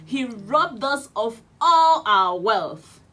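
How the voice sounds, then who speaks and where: A woman voicing a frightened young boy in a storybook reading, crying out high and loud. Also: lively intonation, drawn-out words, heavily acted. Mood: panicked. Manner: high shouted cries.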